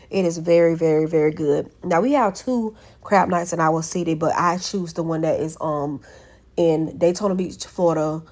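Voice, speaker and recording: A woman, telling a story to her viewers in a chatty, affectionate way and calling them baby. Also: low voice. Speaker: vlogger. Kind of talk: casual vlog chat.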